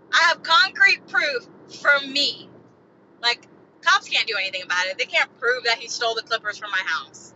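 Bright-voiced woman venting, agitated. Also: high-pitched, lo-fi sound, slight background noise. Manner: agitated, profane, rambling venting. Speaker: podcast host. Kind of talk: solo venting podcast.

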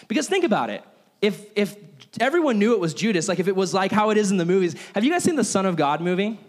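A man preaching a sermon as a pastor, telling a story in an animated way and acting out its characters. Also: sits high, quick pace.

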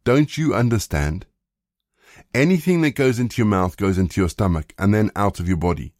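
A man reading the lines of Jesus as a calm, measured male teacher in a plain voice. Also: on the low side, no room sound, clean studio sound, lightly acted. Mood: steady.

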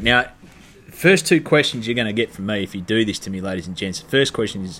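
A man's voice: fairly low pitch, brisk, a bit bright. An Australian man, a stand-up comedian, telling a story in a casual monologue, blunt and heavily profane, ranting in exasperation.

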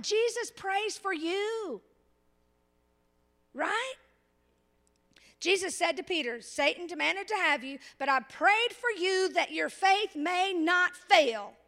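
A woman preacher delivering an animated sermon, asking the congregation rhetorical questions and slowing down to stress key words, with casual asides. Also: very high voice.

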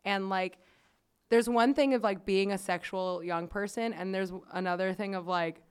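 Smooth-voiced woman telling a story. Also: medium pitch, steady tone, moderate pace. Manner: chatty, swears freely, many "like" fillers. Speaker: podcast host. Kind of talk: casual storytelling chat.

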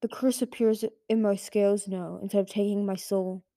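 A woman voicing a weary old male dragon who is slowly turning to stone, speaking in a slow, quiet, serious way. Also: medium pitch, steady tone, no room sound, studio quality, natural voice. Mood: grave, sad. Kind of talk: audiobook character voice.

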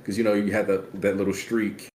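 A man's voice: on the low side, level tone, fairly quick, darkish tone. A man co-hosting a casual podcast, explaining manga details at length with many fillers. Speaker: podcast co-host. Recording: echoey room with faint noise.

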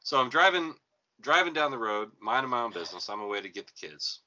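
A man's voice: mid-range voice, quick pace, dull audio. A man telling a story in a casual podcast chat, acting out the people he quotes. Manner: animated storyteller, acts out quotes. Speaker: podcast co-host.

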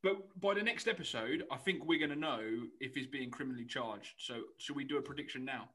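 A man's voice: mid-range voice, brisk, a bit bright, husky. A young man, co-hosting a podcast in an easygoing, joking chat. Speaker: podcast co-host. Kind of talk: casual chat.

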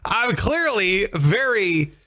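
A man's voice: high voice, slow. A man co-hosting a casual podcast chat, joking around and asking questions. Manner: animated, jokey, asks questions. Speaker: podcast co-host.

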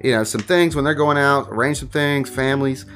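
A man's voice: mid-range voice, fairly quick, a bit bright, faint music behind. A man with a Southern US accent telling rambling stories in casual chat, swearing now and then. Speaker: guest, wine shop owner.

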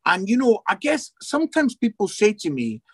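A man, an evangelist and comedian, telling his faith story in an interview as an animated storyteller with many restarts. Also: high-pitched, moderate pace, slightly rough. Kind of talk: personal testimony in an interview.

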